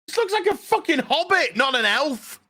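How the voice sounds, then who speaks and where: A man's voice: very high voice, very animated, normal speed, bright, forceful tone. Sarcastic, ranting man. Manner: sarcastic, profane. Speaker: show reviewer. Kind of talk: ranting review vlog.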